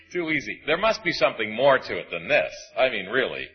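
A man preaching a sermon, emphatic and swinging between loud and hushed. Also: mid-range voice, very animated, brisk, husky, dull audio.

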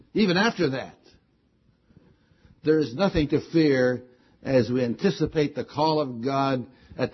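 Male preacher with a husky, somewhat high voice, punching repeated key words; dull lo-fi recording. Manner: emphatic, repeats key words with rising stress. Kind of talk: sermon.

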